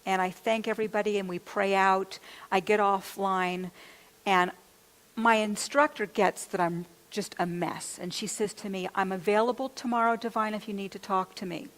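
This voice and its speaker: A woman's voice: medium pitch, steady tone, normal speed, fairly bright tone. A woman minister gives a sermon, telling a candid, confessional personal story and quoting her own thoughts aloud. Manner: candid, confessional storytelling with quoted self-talk. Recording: long hall reverb.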